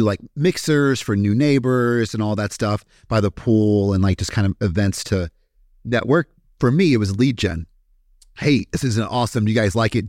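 Kentucky man with a low, dry voice. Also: darkish tone, dry recording. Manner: candid and profane, with frequent fillers. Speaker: podcast guest. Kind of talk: casual storytelling interview.

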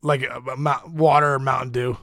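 A middle-aged man, a former ballplayer, telling stories as a podcast guest in an excited, animated way, full of fillers. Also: medium pitch, moderate pace, creaky, no room sound, studio quality. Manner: excited, acts out quotes, many fillers. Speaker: guest, former baseball player. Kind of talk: animated storytelling.

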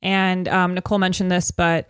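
A woman's voice: fairly low pitch, flat delivery, moderate pace, smooth, no room sound, studio quality. A woman co-hosting a podcast, chatting casually in a bubbly, giggly way. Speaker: podcast co-host. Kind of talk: casual chat.

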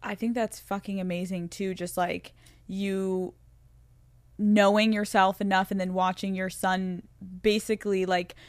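A woman hosts a casual interview and gushes with enthusiasm. Her voice sits at a medium pitch. It is recorded dry, with no room sound. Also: level tone, a little slow, no echo. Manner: gushing, enthusiastic. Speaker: interview host.

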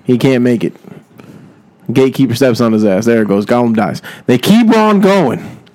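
A man's voice: medium pitch, expressive, normal speed, a little mellow, poor audio. Rambling young man telling a comedy story. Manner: rambling, laughing, profane.

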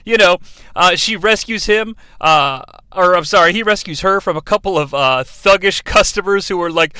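Bright-voiced, rambling comedy podcast host. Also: male voice, sits high, moderate pace, clean tone, dry recording. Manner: rambling, profane, self-interrupting, laughs often. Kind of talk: comedic solo podcast riff.

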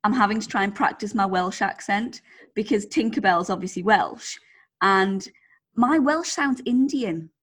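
A woman's voice: medium pitch, lively intonation, a little slow, fairly bright tone, slightly rough. A woman co-hosting a podcast in casual chat, chatty and self-mocking, often giggling. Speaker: podcast co-host.

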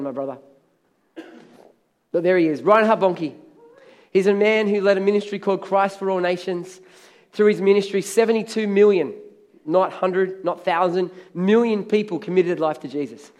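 A man's voice: high voice, a little mellow. A man preaching a sermon in a church, emphatic, repeating key phrases and calling out for amens from the congregation. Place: church hall.

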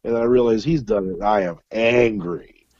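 A man's voice: fairly low pitch, moderate pace, a little mellow, no room sound. Man, casual storyteller, swears a lot, dry dull-sounding recording. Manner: profane, rambling with fillers and restarts. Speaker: guest musician.

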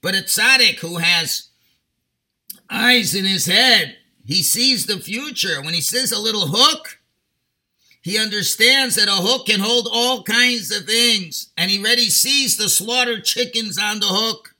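A man, a rabbi, giving a sermon and telling a parable in an animated way. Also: sits high, measured pace. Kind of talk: sermon with storytelling.

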